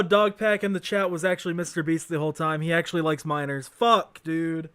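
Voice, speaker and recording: A man hosting a livestream, reacting to a video with crude, mocking commentary that swings between loud outbursts and mutters. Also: fairly high pitch, brisk, hardly any pauses, clear, resonant tone, no room sound, studio quality.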